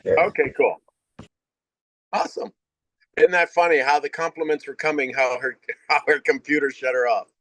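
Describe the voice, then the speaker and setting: A man with a fairly high voice chats on a video call, full of praise and quick laughs. The sound is dry and close, with little room around it. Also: steady tone, no room sound, poor audio. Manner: warm praising, laughs often. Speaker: host. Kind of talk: casual video call chat.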